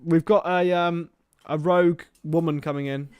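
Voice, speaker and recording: A man's voice: on the high side, steady tone, normal speed, a little mellow, clean tone, no room sound, clean studio sound. A young man hosting a casual football watchalong stream, joking and chatting to viewers as lads. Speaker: livestream host.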